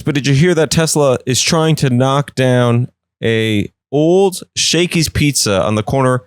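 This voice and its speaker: A man's voice: medium pitch, dry recording, studio quality. A man hosting a podcast, riffing in a rambling, jokey way. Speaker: podcast host. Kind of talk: casual comedic riffing.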